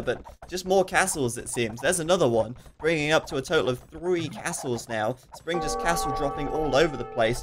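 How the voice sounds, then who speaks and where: Man, live game commentator, casual chatty delivery, reads viewer chat, frequent fillers, ordinary middle pitch. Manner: quick asides and frequent fillers. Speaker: esports commentator.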